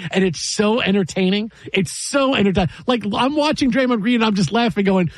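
A man with a high voice talks sports in a casual debate, animated and emphatic. The studio sound is dry and close. He piles up his points quickly. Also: no room sound. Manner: animated, emphatic, mimics other people in quick asides. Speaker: sports talk co-host.

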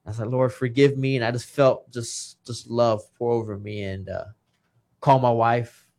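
A man's voice: mid-range voice, steady tone, measured pace, a little mellow. Earnest middle-aged man telling a story. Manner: earnest, emotional, acts out quoted dialogue. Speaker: retired professional boxer, guest. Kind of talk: personal storytelling in conversation.

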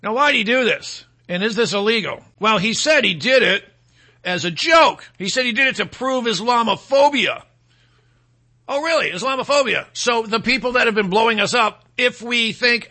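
High bright husky talk radio man. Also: a little fast. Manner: animated, mocking, scornful. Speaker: radio talk show host. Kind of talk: opinionated talk radio monologue.

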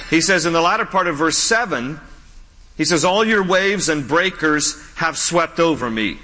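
A pastor preaching a sermon, earnest and conversational, slowing down to stress key words. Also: male voice, fairly high pitch, lively intonation, pushed and bright. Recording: long hall reverb.

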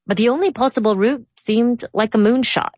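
A woman hosting a news podcast, narrating a scripted story in a measured, clear way and interviewing a guest. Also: fairly high pitch, darkish tone, dry recording. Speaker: host.

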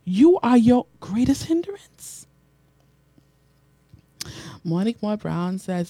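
Animated woman preaching, mellow and dry. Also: mid-range voice, slow pace, pauses often, no room sound. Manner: animated preaching, repeats phrases, reads out comments. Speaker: radio and online preacher host. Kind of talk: sermon.

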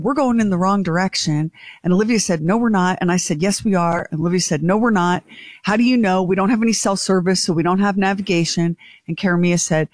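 A middle-aged woman telling a family story in casual chat, acting out everyone's lines with lively energy. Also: mid-range voice, no echo, clean studio sound. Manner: animated storyteller, acts out family dialogue.

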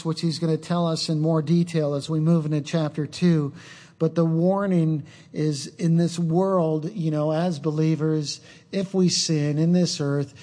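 Higher-voiced man preaching earnestly. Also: dark tone. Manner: earnest preaching with personal stories. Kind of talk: sermon.

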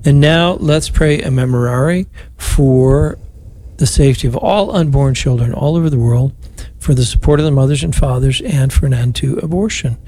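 A man's voice: medium pitch, normal speed, mellow. A man who is a priest, hosting a call-in rosary show, leading prayers and chatting with callers in a joking, fatherly way.

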